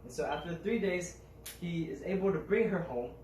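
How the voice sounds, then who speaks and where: A young man retelling a folk tale to a group, halting with fillers and restarts. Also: sits high, expressive, a little mellow, slight background noise. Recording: roomy, mic at a distance, faint ambience.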